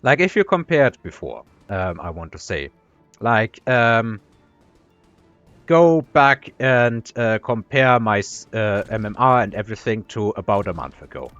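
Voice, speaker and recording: A man's voice: fairly low pitch, very animated, a little slow, fairly bright tone, dry recording, highs cut off, faint music behind. A man giving rambling, self-deprecating commentary on his own strategy game match, full of fillers and restarts, talking with his mouth full. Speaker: gaming commentator. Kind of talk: casual gameplay commentary.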